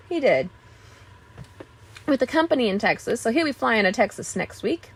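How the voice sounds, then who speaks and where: A woman's voice: a little high, sing-song, normal speed, breathy edge. A middle-aged woman hosting a live craft stream, chatting casually, greeting viewers and showing supplies with enthusiastic asides. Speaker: craft channel host.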